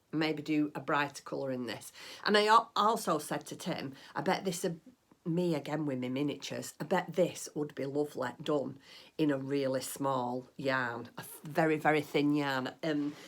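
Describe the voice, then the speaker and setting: A woman's voice: low voice, normal speed. A middle-aged woman chatting casually about her crafting at home, rambling and gushing with delight. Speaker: crafting vlogger. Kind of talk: casual chat.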